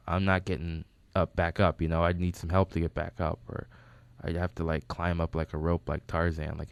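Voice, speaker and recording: A man's voice: sits low, smooth, dry recording. A man telling rambling, casual stories about a late friend in a recording studio. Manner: rambling, with restarts. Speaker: friend giving a tribute. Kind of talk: casual storytelling.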